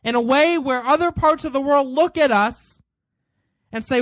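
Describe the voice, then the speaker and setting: A man's voice: very high voice, moderate pace, a bit bright, no echo. A man hosting a political commentary show, delivering an indignant monologue full of rhetorical questions.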